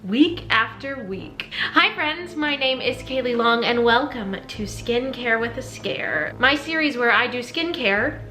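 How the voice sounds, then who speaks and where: At home, a young woman chats in a bubbly, giggly way while doing her skincare and reading scary stories aloud. Her voice is on the high side and sharp, unhurried with few pauses. The room has a roomy echo and faint background music plays.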